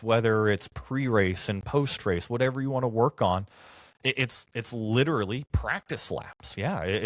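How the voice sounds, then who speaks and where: A man's voice: mid-range voice, no room sound, studio quality. A man who works as a motorsport commentator, chatting in an easygoing, upbeat way on a podcast. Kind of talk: casual podcast chat.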